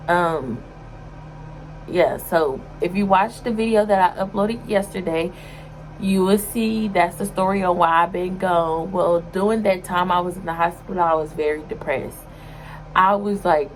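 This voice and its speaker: A woman's voice: fairly low pitch, a little hiss or hum, poor audio. A young woman talking casually to her vlog audience in an emotional, sometimes tearful way, with many fillers. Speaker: vlogger.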